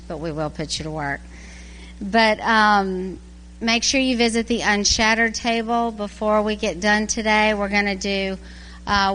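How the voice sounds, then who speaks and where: A woman's voice: medium pitch, a bit bright, a little hiss or hum, low-quality recording. A woman making informal, friendly announcements to a congregation during a church service.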